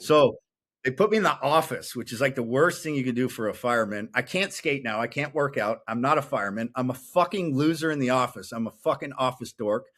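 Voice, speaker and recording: A man's voice: mid-range voice, fairly quick, fairly bright tone. Guy in his 30s on a podcast, swears a lot, blunt and intense, mid-range voice. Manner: blunt, profane, intense storyteller. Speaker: podcast guest. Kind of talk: casual interview chat.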